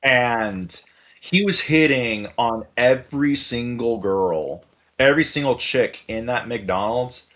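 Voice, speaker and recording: A man telling a story in casual podcast chat, animated and profane, acting out the people he quotes. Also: medium pitch, slow. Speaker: podcast host.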